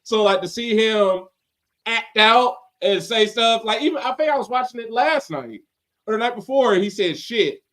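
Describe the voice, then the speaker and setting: A man hosting a casual wrestling podcast, animated and laughing, slipping into voices as he retells stories. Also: sits high, normal speed. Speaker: podcast host.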